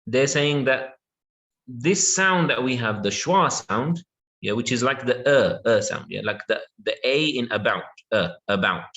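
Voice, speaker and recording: A man giving an online English lesson in an everyday mid-range voice. He talks patiently, drawing words out and filling the pauses with yeah and okay while he checks that his students follow. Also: medium pitch, expressive, a bit bright. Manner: patient, repeats words slowly with many yeahs and okays. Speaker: English teacher.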